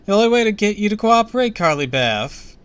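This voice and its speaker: A man's voice: high-pitched, sing-song, a little fast, clear, resonant tone, dull audio, pitched above the performer's own voice. Man playing a sinister woman, cold, scheming, menacing.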